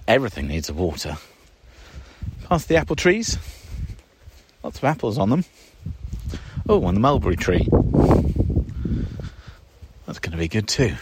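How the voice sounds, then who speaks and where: Guy rambling about his garden, low voice that swings up and down a lot, kinda wry. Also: slight background noise. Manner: chatty, wry and self-deprecating. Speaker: gardening podcast host. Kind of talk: casual walk-and-talk gardening commentary. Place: outdoor home garden.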